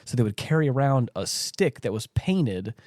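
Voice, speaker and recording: A man co-hosting a podcast in relaxed casual chat, chiming in, laughing, and sharing fun facts. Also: mid-range voice, normal speed, no room sound, clean studio sound.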